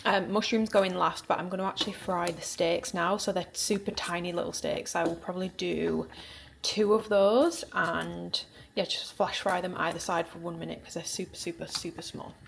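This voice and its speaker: Filmed on a tripod camera, this young vlogger chats her way through cooking in her home kitchen, rambling and self-deprecating. Her voice is on the low side with vocal fry. There's slight background noise.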